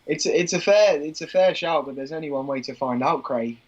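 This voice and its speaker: A man's voice: a little high, brisk, highs cut off. A man co-hosting a live football watchalong, chatting in a rambling way with plenty of fillers. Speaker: co-host.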